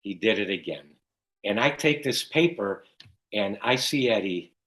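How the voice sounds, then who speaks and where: An older man from Chicago, a guest telling stories in an interview with lots of animated retelling. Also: lowish voice, unhurried, rough recording. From Chicago, USA. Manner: animated storyteller who acts out quoted dialogue. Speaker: guest, cycling race announcer. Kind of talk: casual storytelling in an interview.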